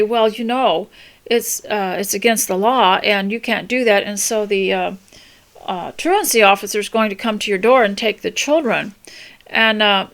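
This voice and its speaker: An older woman hosting a homemaking talk, giving gentle, unhurried advice with many pauses and restarts. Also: fairly high pitch. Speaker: homemaking podcast host. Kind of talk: casual spoken advice talk.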